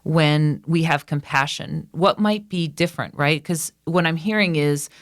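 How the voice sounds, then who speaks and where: Brief: very low-voiced woman coach, measured and probing, dry close sound. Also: no echo. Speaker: podcast co-host and coach. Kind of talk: interview questions.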